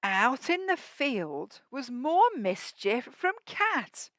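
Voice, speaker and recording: A woman with a high, very lively voice reads a rhyming storybook aloud to young children, stopping to ask them questions and get them joining in. She reads slowly and expressively, and the sound is dry and close. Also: dry recording. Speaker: teacher reading to a school assembly.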